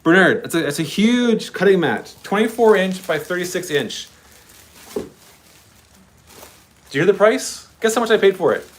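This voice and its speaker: A man hosting a model railway livestream, chatty and excitable, greeting viewers by name and laughing often. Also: high voice, normal speed, pauses often, slight background noise. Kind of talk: casual live-stream chat with viewers.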